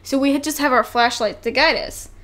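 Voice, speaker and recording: A young woman co-hosting a podcast, telling a story in a casual, animated way, laughing and swearing freely. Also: sits high, brisk. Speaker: podcast co-host.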